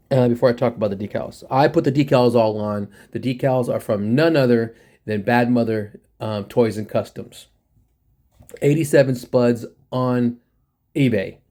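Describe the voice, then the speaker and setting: A man's voice: medium pitch, mellow. Rambling, laid-back man from the US. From United States. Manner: rambling, laughs often, many fillers, slangy. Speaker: toy reviewer. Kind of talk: casual toy review chat.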